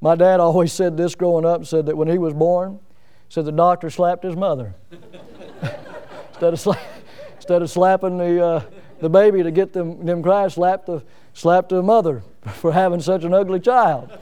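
A man preaching a sermon in a high, smooth, resonant voice. He is middle-aged and talks in a folksy, down-to-earth way. His delivery is animated and often pokes fun at himself. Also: moderate pace. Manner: folksy, self-mocking humor with lively emphasis.

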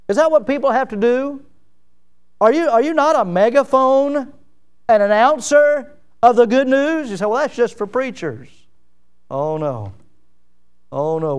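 A man's voice: sits high, a little mellow, smooth. A man preaching a sermon in an emphatic cadence that rises and falls, often repeating his key phrases.

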